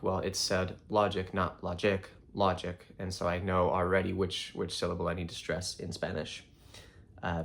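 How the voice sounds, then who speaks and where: A man's voice: deep voice, creaky. A man teaching a casual language lesson, thinking aloud with frequent ums and self-corrections. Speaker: Spanish teacher.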